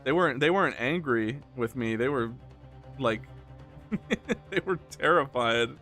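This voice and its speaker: A man's voice: mid-range voice, lively intonation, measured pace, pushed and bright, soft background music. A young man streaming a game, chatting casually and telling a rambling story with frequent laughter. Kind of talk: casual let's-play chat.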